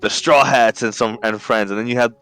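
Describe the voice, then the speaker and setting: A man co-hosting a podcast, chatting excitedly and casually with plenty of slang and swearing. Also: medium pitch, a little fast. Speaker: podcast co-host.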